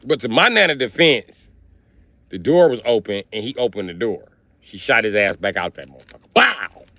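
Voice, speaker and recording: A man on a live stream telling a funny family story, animated and profane, with heavy slang. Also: on the low side, brisk, no echo. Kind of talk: comic storytelling.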